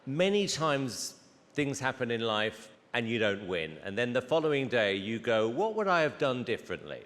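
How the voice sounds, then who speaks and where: A man on a talent show panel asks a contestant a curious question, his pitch swinging animatedly. His voice is bright and forward. It trails off into a long reverb in the hall. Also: moderate pace. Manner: lively, curious. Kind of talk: questioning from the judges' table.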